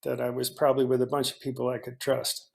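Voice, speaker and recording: A man, an actor guest, telling animated stories from a film set, often restarting his sentences. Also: medium pitch, fast, creaky. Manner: animated storyteller, frequent restarts. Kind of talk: casual storytelling in a conversation.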